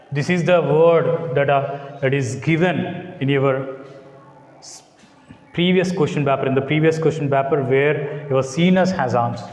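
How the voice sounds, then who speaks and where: Male Indian English teacher, slow and deliberate, in a reverberant classroom. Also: mid-range voice, darkish tone. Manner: slow, deliberate, spells out letters and repeats example words. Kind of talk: classroom lecture on word stress. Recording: echoey room with long reverb.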